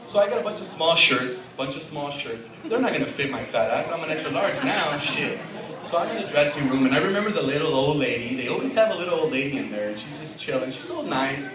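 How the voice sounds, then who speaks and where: Young male stand-up comic, higher-pitched and animated, swearing through his story, recorded far off in a roomy club with a laughing crowd. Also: a little fast. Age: young adult. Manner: profane, animated storytelling with acted-out voices. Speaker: stand-up comedian. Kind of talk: stand-up comedy set. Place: comedy club stage with a laughing audience. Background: audience laughter.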